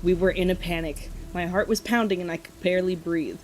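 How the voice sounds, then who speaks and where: A woman's voice: fairly low pitch, steady tone, fairly quick, slight background noise, rough recording. A woman co-hosting a podcast, reading a spooky campfire story aloud in a casual way and often breaking into giggles.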